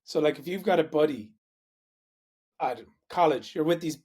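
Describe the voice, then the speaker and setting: A man's voice: a little high, normal speed, darkish tone, slightly rough. An Irish man co-hosting a podcast, telling stories in a casual, chatty way and laughing often. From Ireland. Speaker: podcast co-host. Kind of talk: casual chat.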